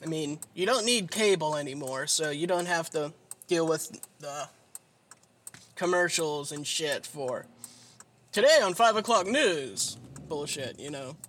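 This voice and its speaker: Inside a moving car, with engine and road noise around him, a man talks to himself in a high-ish, slightly bright voice at a measured pace. He sounds drowsy and worn out, rambling along with plenty of swearing and filler words.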